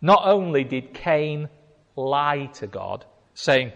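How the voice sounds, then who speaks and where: Lively preacher in a reverberant hall. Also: male voice, fairly high pitch, slow pace, lo-fi sound. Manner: emphatic, repeating key phrases. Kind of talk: sermon.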